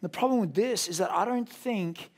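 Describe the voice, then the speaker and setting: A young man preaches a sermon in a high, animated voice. He tells personal stories with self-deprecating humor, speeding up and then slowing for emphasis. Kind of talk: sermon with storytelling.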